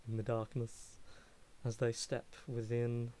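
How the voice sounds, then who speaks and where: A man in the game master's seat, describing the scene piece by piece with plenty of pauses and fillers. His voice sits at an ordinary middle pitch. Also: monotone, mellow. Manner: halting, many fillers. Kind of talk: narrating a tabletop game.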